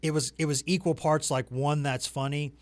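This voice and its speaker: A man's voice: on the high side, steady tone, moderate pace, dry recording. A man hosting a casual sports talk show, chatty and rambling, with self-deprecating humor. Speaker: sports reporter and show host. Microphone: desk microphone.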